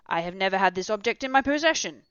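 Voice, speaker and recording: A woman voicing a loud, lecturing old professor. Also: mid-range voice, animated, fast talker, smooth, no room sound, natural voice. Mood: insistent. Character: excitable elderly male professor, learned and commanding. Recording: dull, dry recording.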